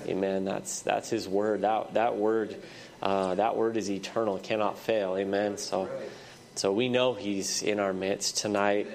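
A man with a somewhat low voice preaches a church sermon, his head audibly congested. He punctuates almost every phrase with amen and often restarts his sentences before pressing on. He speaks into a microphone in the sanctuary. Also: flat delivery, a little slow, a little mellow.

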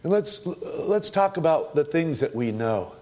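A middle-aged man preaching a sermon as pastor, emphatic, jumping up for loud points and dropping low for asides. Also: sing-song, measured pace.

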